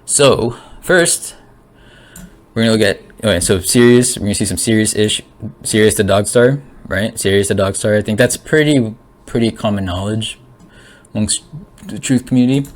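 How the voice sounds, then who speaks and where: A young man talking through his theories in an excited, rambling monologue, full of restarts, swearing and sudden rises in his voice. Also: on the low side, moderate pace. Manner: emotional, voice jumps up. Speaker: conspiracy vlogger.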